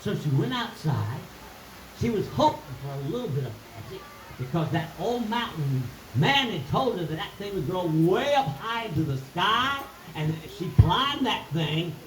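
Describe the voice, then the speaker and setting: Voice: medium pitch, big pitch swings, moderate pace, roomy sound, poor audio. A storyteller telling a folk tale in a live skit, in a folksy, sing-song way with chanted refrains.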